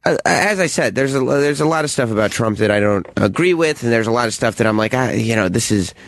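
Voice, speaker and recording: A man's voice: mid-range voice, animated, fast talker, no echo. A man co-hosting a talk radio show, teasing his partner and laughing often. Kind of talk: casual radio banter.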